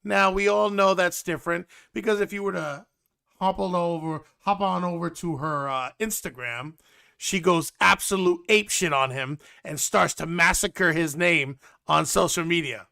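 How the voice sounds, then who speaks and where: A man hosting a casual reality-TV recap, animated and sarcastic in a gossipy way. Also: high-pitched, moderate pace, vocal fry, smooth. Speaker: host.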